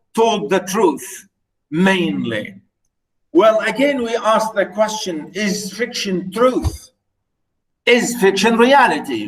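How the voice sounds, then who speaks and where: A man whose first language is Arabic lecturing on literature, explaining slowly with repeated words and many fillers. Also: high voice, far from the mic, rough recording. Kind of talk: recorded lecture.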